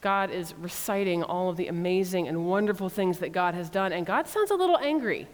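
A woman's voice: lowish voice, lively intonation, a little fast. Chatty woman preacher in hall. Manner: chatty, humorous, asides with laughter. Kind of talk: informal teaching sermon. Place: church.

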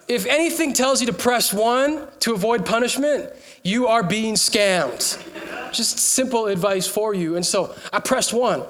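Male preacher, high voice, casual and funny from the pulpit, calls out to the room. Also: measured pace. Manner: animated, joking, rallying the crowd. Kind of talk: humorous sermon storytelling.

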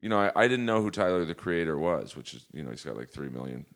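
Man, extremely low voice, gravelly fry, casual podcast storytelling, acts out the quotes. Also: big pitch swings, fast talker. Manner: storytelling, acting out quoted exchanges with shifts in loudness. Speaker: comedian guest.

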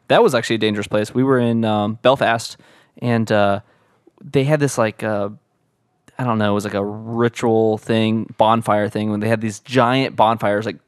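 A man's voice: on the low side, dry recording, studio quality. A young man co-hosting a casual podcast, talking hesitantly and searching for words. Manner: hesitant, many fillers and restarts. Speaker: podcast co-host.

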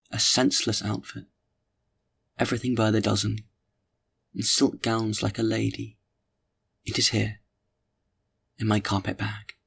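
A man voicing a shrewd, ingratiating female innkeeper in a storybook reading, talking briskly. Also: fairly low pitch, creaky, fairly bright tone, slightly rough, heavily acted.

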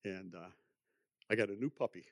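A man's voice: fairly low pitch, moderate pace, creaky, dry recording, studio quality. A man in his sixties giving a personal testimony in church, rambling and chuckling as he tells his story. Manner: rambling, chuckling, self-deprecating.

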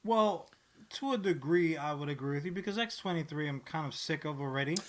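A man's voice: fairly high pitch, a little fast, crowd noise. A man co-hosting a comics podcast, ranting with lots of swearing in casual chat. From New Jersey. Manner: profane, exasperated ranting. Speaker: podcast co-host.

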